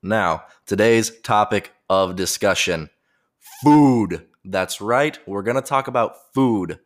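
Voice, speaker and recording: A man's voice: fairly low pitch, lively intonation, takes it slowly. A young man from America hosting his own podcast, rambling casually and making jokes at his own expense. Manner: jokey, rambling, self-deprecating. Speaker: podcast host. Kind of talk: casual solo podcast monologue.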